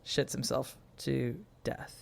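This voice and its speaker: A woman's voice: rumbling low, little pitch movement, slow pace, gravelly, a little mellow. A woman co-hosting a history podcast, chatting casually with wry, profane humor and sounding tired. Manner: chatty, wry, swears freely, acts out quotes. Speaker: podcast co-host, medieval historian. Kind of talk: casual chat.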